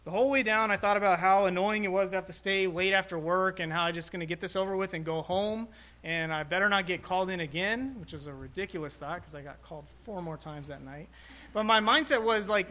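A man, a chaplain, telling a personal story in a sermon in a halting, reflective way with many restarts. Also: high-pitched, bright, forceful tone. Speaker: hospital chaplain preaching.

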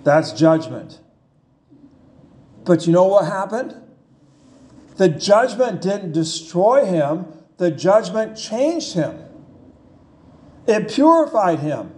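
A man delivers a sermon at an unhurried pace, leaning on repeated phrases for emphasis. His voice sits high for a man, and he often turns to the listeners with rhetorical questions. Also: very animated, darkish tone. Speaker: preacher.

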